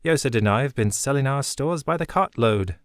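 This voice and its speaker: A man's voice: medium pitch, animated, moderate pace, no room sound, clean studio sound, voice pushed up, lightly acted. A man voicing a shrewd, wry young woman smuggler who talks in a chipper, blunt way.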